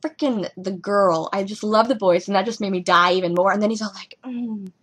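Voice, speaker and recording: A young woman talks loosely and at length about a show, jumping between thoughts with giggles and lively asides. Her voice sits at a middling pitch. She records casually at home on a webcam. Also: brisk, breathy edge. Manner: rambling, giggly, animated asides. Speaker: vlogger reviewing a TV episode. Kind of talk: casual rambling chat.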